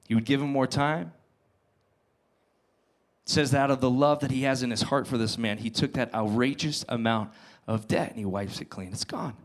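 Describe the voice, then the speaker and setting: A male pastor preaching to his congregation, retelling a parable with dramatic emphasis and quiet asides. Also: medium pitch, normal speed, pauses often. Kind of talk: sermon.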